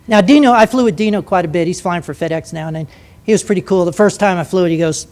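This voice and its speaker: An older man giving a talk, with a high voice, telling anecdotes and jokes. He breaks into the voices of the people in his stories as he goes. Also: fast, darkish tone. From United States. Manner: anecdotal, jokey, acts out quoted voices. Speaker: speaker at a lecture. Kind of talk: storytelling talk.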